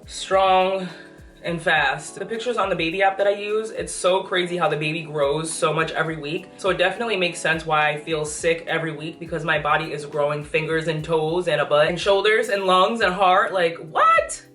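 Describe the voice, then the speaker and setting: A woman's voice: low voice, steady tone, fairly quick, a bit bright. A young pregnant woman chatting enthusiastically through a casual plant update vlog, a little out of breath. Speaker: plant vlogger. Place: apartment room with plants, indoors. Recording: echoey room, voice from a distance, faint music.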